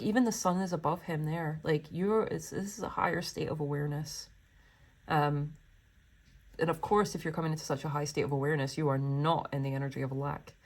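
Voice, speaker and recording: A young woman reading tarot cards for her viewers, with a voice that sits a little low for a woman. She gushes with feeling and rambles through her thoughts, full of little fillers and restarts. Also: a little mellow. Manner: gushing, emotional, rambling with many fillers. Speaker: tarot reader. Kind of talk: pick-a-card tarot reading.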